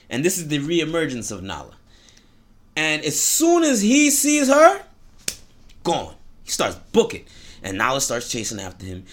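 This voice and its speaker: Animated, slangy male storyteller. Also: medium pitch. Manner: slangy, animated, preachy asides. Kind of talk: casual storytelling with a moral message.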